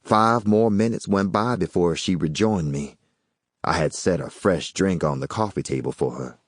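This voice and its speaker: A man reading a first-person novel aloud as an audiobook narrator, with an expressive storytelling delivery. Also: low-pitched, normal speed, breathy edge, no room sound, studio quality.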